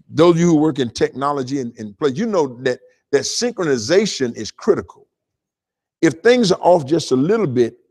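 A male pastor preaching in a high, very lively voice. He draws the congregation into call-and-response and piles up repeated words for emphasis. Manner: stammering repetitions while building emphasis. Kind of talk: sermon.

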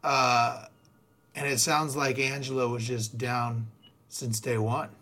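A man's voice: medium pitch, little pitch movement, takes it slowly, background noise. A man hosting an interview, listening closely with short reactions and follow-up questions. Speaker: podcast host.

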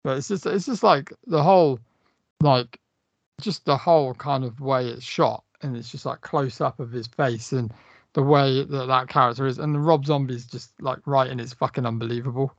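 A gravelly man in casual podcast chat, loose and profane as he walks through a movie scene. The sound is dry and close, a little dull in the top end. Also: mid-range voice, moderate pace, no echo. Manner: animated, swearing, retelling film scenes with quoted lines. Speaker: podcast co-host.

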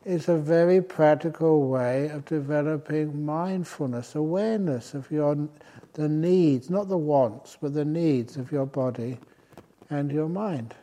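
Slow, mellow older male meditation teacher. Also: fairly high pitch. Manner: gentle, humorous storytelling with soft chuckles. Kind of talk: dharma talk. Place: retreat centre meditation hall.

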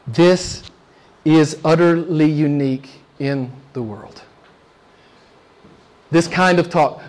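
A man pastor preaching a live sermon with emphatic declarations, calling out to the congregation for responses and dropping to hushed asides. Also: on the high side, slow, long pauses. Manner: swings from loud declarations to near-hushed asides.

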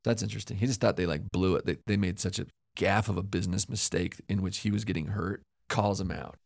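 A man's voice: sits low, steady tone, quick pace, gravelly, dry recording, studio quality. A man co-hosting a conversational podcast, recounting events reflectively with hedges and asides. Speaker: podcast co-host. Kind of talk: casual conversational history discussion.

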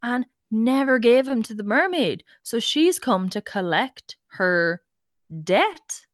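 A woman's voice: on the high side, lively intonation, slow pace, no echo. Chatty woman with a dry close sound. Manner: chatty, gossipy retelling. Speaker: podcast co-host. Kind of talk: comic storytelling chat.

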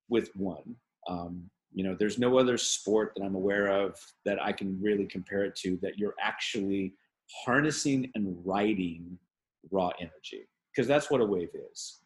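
Middle-aged man, somewhat low voice, earnest rambling interviewee. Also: rough recording. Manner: rambling, many restarts, earnest. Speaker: interviewee, league CEO. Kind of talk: casual reflective interview talk.

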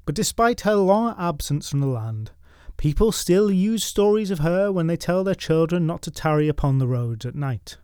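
A man narrating folklore from a script, dropping wry, deadpan asides into the tale. His voice sits fairly high for a man. The sound is dry and close, with no room echo. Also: normal speed, smooth. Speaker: storytelling podcast host.

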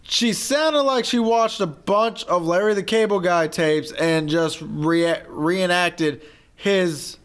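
A man co-hosting a casual movie review chat in a somewhat high voice. He drops short, dry wisecracks and corrects his partner offhandedly. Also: slow pace, a bit bright, clean tone. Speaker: podcast co-host.

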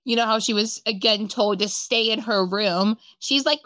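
A woman co-hosting a relaxed chat, playfully retelling the story and jumping into the characters' voices. Her pitch is ordinary and the sound is dry and close. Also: moderate pace, few pauses, dry recording. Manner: playful, joins in acting out characters' lines. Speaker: podcast co-host. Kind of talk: casual chat.

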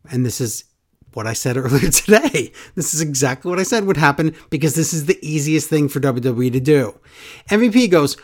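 His voice sits a little high and he talks a little fast. He's a man hosting a podcast, trading casual opinions in an animated, mocking way and quoting wrestlers in exaggerated voices.

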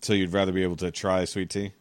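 A man's voice: low-pitched, little pitch movement, fast talker, smooth, no room sound. A man hosting a casual podcast chat, reading out questions bluntly and swearing freely. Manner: profane, blunt.

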